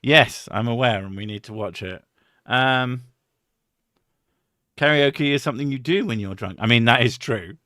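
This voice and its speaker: A man's voice: mid-range voice, normal speed, long pauses, sharp tone, no echo, studio quality. A man hosting a stream, rambling and swearing, laughing often in casual chat. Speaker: streamer host.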